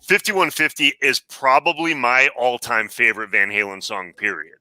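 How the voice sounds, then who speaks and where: A man's voice: medium pitch, moderate pace, bright, forceful tone, no echo, rough recording. A man co-hosting a casual music chat, talking with enthusiasm as a fan.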